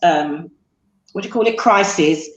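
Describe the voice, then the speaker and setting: A woman, a mother being interviewed, talking in a halting, emotional way with frequent fillers. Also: on the low side, echoey room, muffled recording. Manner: halting, tearful, with self-deprecating jokes. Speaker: guest, mother.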